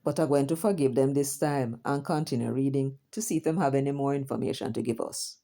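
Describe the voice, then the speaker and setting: A Jamaican woman with a low, mellow voice hosts a news commentary, reading headlines and then talking them over in a chatty way. She peppers the reading with asides and questions tossed at the listener. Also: a little fast. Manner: chatty, reacts aloud with asides and rhetorical questions.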